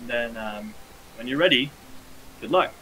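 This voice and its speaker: A man's voice: medium pitch, lively intonation, unhurried, pushed and bright, slight background noise, poor audio. A man running a tabletop game as game master, hesitant and restarting as he checks rules. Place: home streaming setup.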